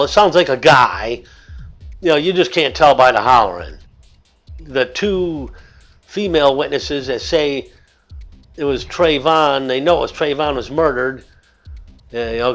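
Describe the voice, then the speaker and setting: An older man giving rambling, argumentative commentary in his own vlog. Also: fairly high pitch. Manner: rambling, argumentative, acts out yelling. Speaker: vlogger. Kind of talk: opinionated commentary.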